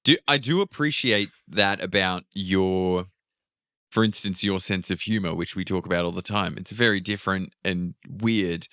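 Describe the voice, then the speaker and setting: Low, bright-voiced man hosting a podcast. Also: moderate pace, dry recording, clean studio sound. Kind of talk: casual chat.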